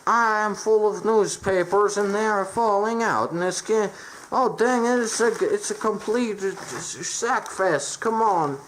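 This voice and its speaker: A woman's voice: medium pitch, a little slow, a little hiss or hum, lightly acted, rough recording. A woman doing a whiny rich steel tycoon man. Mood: desperate whining. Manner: whiny, pleading, stilted speech without contractions. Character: whiny male wealthy steel magnate, stuffed with newspapers. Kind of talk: absurd comedy voice acting.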